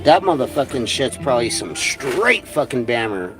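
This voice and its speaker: A man's voice: medium pitch, sing-song, normal speed, loud music behind the voice. A man ranting on a livestream, angry, crude and rambling. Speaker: livestream host.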